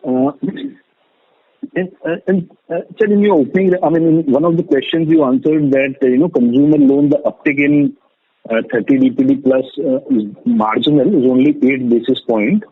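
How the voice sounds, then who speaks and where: A man's voice: mid-range voice, normal speed, breathy edge, no echo. A man, an analyst, asking hesitant questions on an earnings call, full of fillers. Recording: tinny phone line.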